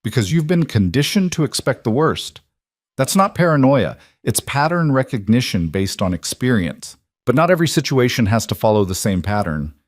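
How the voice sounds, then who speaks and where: A man's voice: medium pitch, big pitch swings, dry recording, studio quality, pitched above the performer's own voice. A man voicing a composed, direct female executive. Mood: steady. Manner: measured, direct and reassuring. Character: composed female executive making a job offer.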